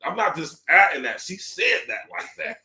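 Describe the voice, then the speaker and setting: A man's voice: sits high, normal speed, vocal fry, echoey room. A man hosting a casual podcast, telling stories, swearing and tagging lines with fillers. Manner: animated storyteller, swears, many filler tags. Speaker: podcast host.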